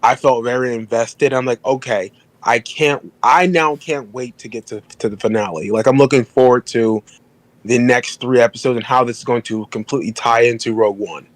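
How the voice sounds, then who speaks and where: A man co-hosting a podcast, giving measured, hedged opinions. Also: medium pitch, steady tone, no echo, rough recording. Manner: measured and hedging. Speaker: podcast co-host. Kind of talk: casual podcast discussion.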